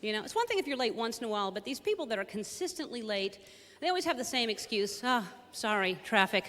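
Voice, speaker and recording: A woman's voice: fairly high pitch, big pitch swings, fast, fairly bright tone, in a large hall. Wry observational woman comic. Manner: wry, questioning observational delivery. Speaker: stand-up comedian. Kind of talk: stand-up observational comedy.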